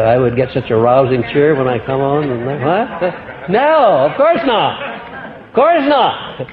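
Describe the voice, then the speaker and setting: Man lecturing in an echoey hall. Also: a little hiss or hum. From United States. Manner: emphatic, swinging pitch and loudness. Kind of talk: motivational lecture. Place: lecture hall with live audience. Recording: dull old archival tape in echoey hall.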